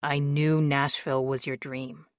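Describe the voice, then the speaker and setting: A woman narrator voicing a guarded man who speaks low and steady. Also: unhurried, dry recording, studio quality. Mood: restrained, steady. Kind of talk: audiobook narration.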